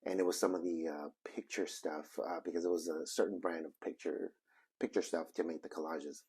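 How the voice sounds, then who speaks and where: Man, low voice, very clear, rambling storytelling, lots of ums and restarts. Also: steady tone, darkish tone. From Arizona, United States. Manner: rambling, halting, many fillers and restarts. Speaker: channel co-host telling a reseller story. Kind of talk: casual storytelling.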